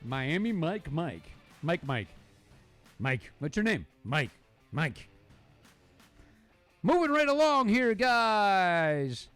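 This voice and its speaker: A man's voice: sits high, very animated, slow, long pauses, fairly bright tone, soft background music. A man hosting a live sports talk show, playful and rambling as he jokes and reads out viewer comments.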